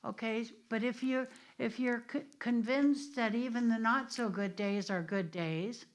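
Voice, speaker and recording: In a church meeting room, a middle-aged minister from the United States guides a casual discussion, sharing stories marked by restarts and side comments. She speaks in a slightly high voice at a measured pace.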